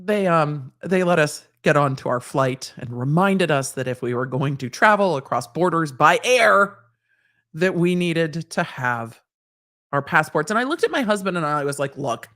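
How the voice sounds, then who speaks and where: A woman from Southern California hosts a live stream and tells a personal story with lots of wry asides. Her pitch climbs and dips freely as she talks, and she drops the occasional swear word. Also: normal speed. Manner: animated, wry, swears casually. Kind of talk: casual anecdote storytelling.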